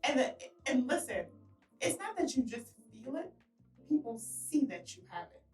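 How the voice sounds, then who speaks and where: A high-voiced woman co-hosts a faith podcast, making bold declarations and backing up her partner. She sounds roomy and a little far from the mic, with faint music beneath her. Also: very animated, a little mellow. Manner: affirming, declarative, quick to laugh along. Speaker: podcast co-host. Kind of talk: faith-based casual podcast talk.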